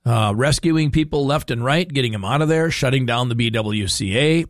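Rambling radio host, incredulous. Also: male voice, mid-range voice, normal speed, no echo, studio quality. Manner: rambling, incredulous, thinks aloud. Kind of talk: talk radio monologue.

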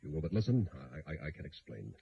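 An anxious castle count who stumbles over his words in his urgency. His voice is extremely deep and gravelly. The dull, faintly hissing sound is that of an old radio broadcast. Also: sing-song, quick pace, heavily acted. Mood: uneasy. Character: nervous haunted male count, castle owner. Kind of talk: 1940s radio acting.

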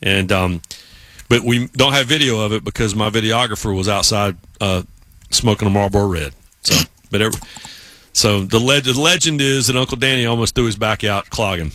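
A man's voice: fairly low pitch, a little fast, sharp tone, no echo. A man co-hosting a podcast, chatting casually and acting out the voices in his stories. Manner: storytelling, acts out quoted voices. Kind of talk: casual chat.

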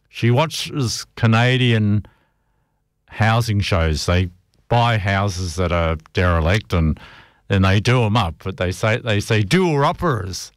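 A man's voice: on the low side, no echo. Chatty rambling male radio DJ, dry sound. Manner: chatty, rambling, jokey grumbling. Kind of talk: casual radio chat between tracks.

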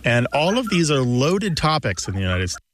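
Male radio co-host, mid-pitched, chatty and explanatory, laughs easily. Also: sing-song, fairly quick, slight background noise. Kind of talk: explaining on a call-in radio show.

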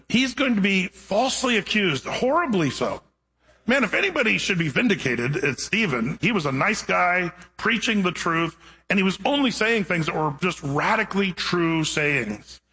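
A middle-aged man preaching with an animated, humorous storytelling manner. His voice sits a bit high and sounds bright and forceful, with a husky edge. He moves from a comic story into a scripture reading. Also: rough recording. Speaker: pastor. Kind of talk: sermon with storytelling.

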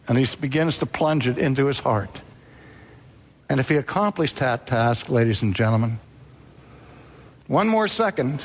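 A man's voice: medium pitch, slightly rough. A man preaching a sermon, telling a story dramatically and acting out the voices in it.

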